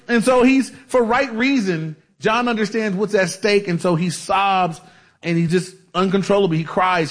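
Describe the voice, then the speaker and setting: A man preaching a sermon in a conversational way, with frequent fillers and restarts. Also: high voice. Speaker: pastor.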